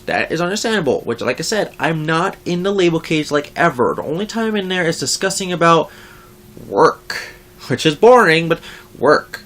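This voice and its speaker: Young adult ranting, animated and swearing. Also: medium pitch, moderate pace. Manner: animated, swears a lot, mocks others. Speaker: vlogger. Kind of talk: casual rant to camera.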